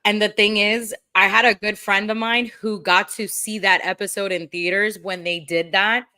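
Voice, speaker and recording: A woman's voice: medium pitch, moderate pace. A young woman hosting a podcast, chatting casually and acting out her own reactions as she tells stories. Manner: animated storyteller, acts out her own reactions. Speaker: podcast host. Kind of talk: casual chat.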